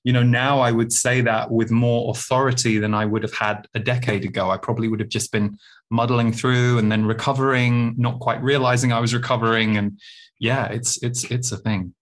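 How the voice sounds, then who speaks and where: A man's voice: mid-range voice, steady tone, normal speed. A man hosting a spiritual podcast, speaking thoughtfully and reflectively. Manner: thoughtful, reflective, with many restarts. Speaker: podcast host. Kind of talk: casual interview chat.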